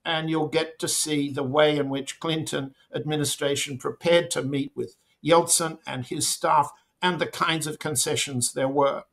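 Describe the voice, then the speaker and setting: A man giving slow, deliberate political commentary as an interview guest, with pointed emphasis. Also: fairly high pitch, fairly even intonation, fairly bright tone.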